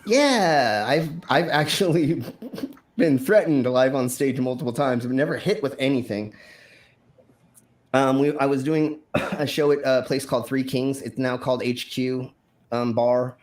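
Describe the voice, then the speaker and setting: A man's voice: mid-range voice, measured pace. Rambling, profane man telling a story. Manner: rambling, profane, lots of fillers and restarts; acts out his own shouted lines in the story. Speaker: stream host. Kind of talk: casual storytelling.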